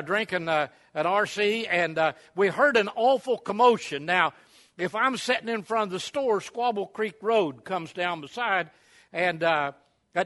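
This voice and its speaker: A man's voice: high-pitched, bright, forceful tone. A man, preaching at a camp meeting and telling a folksy, rambling story with many fillers. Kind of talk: sermon storytelling.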